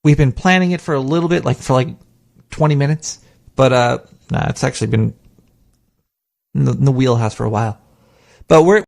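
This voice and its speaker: The podcast host here has a highish, gravelly voice and speaks into a studio mic. His talk on meditation and self-hypnosis is loose, profane and lively, full of tangents and impressions of his inner voice.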